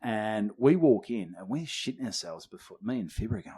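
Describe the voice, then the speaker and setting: Animated young Australian male comic, swears freely, pitch leaps as he acts out voices. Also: brisk, vocal fry, husky. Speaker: podcast co-host. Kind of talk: comedic storytelling.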